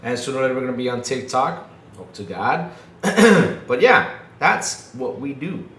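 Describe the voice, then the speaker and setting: A man's voice: mid-range voice, animated, moderate pace, fairly bright tone. A man co-hosting a podcast, giving casual gaming commentary in an emphatic, ranting way that repeats his points. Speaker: podcast co-host. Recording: echoey room with faint background noise.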